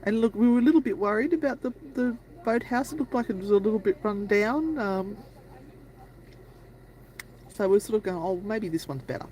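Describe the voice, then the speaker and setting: A woman's voice: medium pitch, normal speed, darkish tone, rough recording. A woman co-hosting a live stream, telling a long travel anecdote in a chatty, rambling way. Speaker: paranormal channel co-host. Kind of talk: casual live-stream storytelling.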